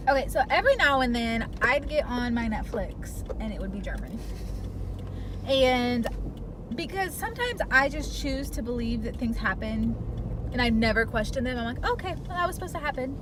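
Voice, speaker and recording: A woman vlogger from the United States telling playful stories in casual chat while riding in a car. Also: a little high. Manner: lively storyteller, quick and playful. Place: inside a moving car. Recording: car noise behind.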